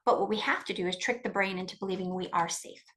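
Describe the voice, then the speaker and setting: A middle-aged woman, a guest expert in an interview, giving coparenting advice in an emphatic, fast-flowing way with frequent restarts. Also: medium pitch, fairly even intonation, a bit bright, poor audio.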